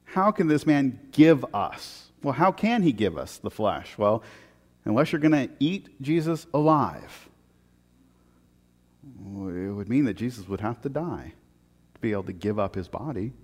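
A man preaching a sermon in an animated, joking way, swinging from loud punchy lines to very quiet ones. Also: medium pitch, a little slow, long reverb tail. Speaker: pastor.

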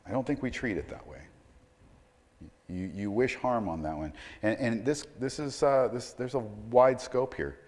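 Male pastor, dynamic sermon delivery, mid-pitched, long church reverb. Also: moderate pace. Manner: dynamic preaching, swings from loud emphatic to quiet and low; repeats words when starting sentences.

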